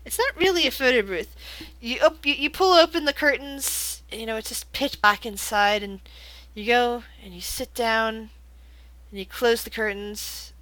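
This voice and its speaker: A woman runs a horror tabletop game as game master, describing each scene and often restarting her sentences. Her voice is bright and fairly high. The sound is dry. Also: moderate pace, no echo, rough recording.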